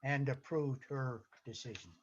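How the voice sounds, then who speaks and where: A man of average pitch chairs a board meeting, formal in tone, stumbling over a few words as he reads a motion aloud. His voice arrives over a video call with a dull, muffled sound. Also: background noise. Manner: formal, reads motions slowly, halting restarts.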